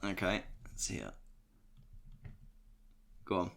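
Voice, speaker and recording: A young man co-hosting a casual podcast, excitable, laughing and swearing as he recaps wrestling. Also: low-pitched, slow pace, creaky, noisy background. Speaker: podcast co-host.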